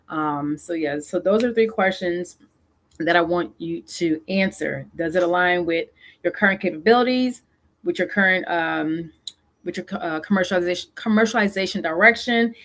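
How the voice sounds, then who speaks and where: A woman with a Southern US accent and a fairly low voice hosts a casual solo talk. She coaches founders, circles back to her questions and fills pauses with "um" and "okay.". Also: fairly bright tone. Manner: coaching, repeats questions, many fillers. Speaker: show host and funding consultant.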